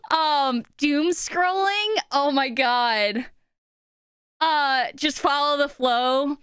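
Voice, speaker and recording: A woman's voice: sits high, drawn-out words, fairly bright tone, dry recording. A young woman streaming live, chatting in a flustered, rambling way with lots of fillers and restarts, emotional and close to tears. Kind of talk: casual live-stream chat. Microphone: desk microphone.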